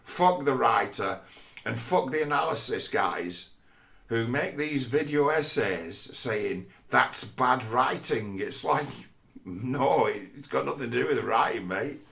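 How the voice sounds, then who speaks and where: Gravelly man in a profane rant. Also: mid-range voice, lively intonation, unhurried, fairly bright tone. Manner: profane, rambling, repeats words while thinking. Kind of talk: casual rant.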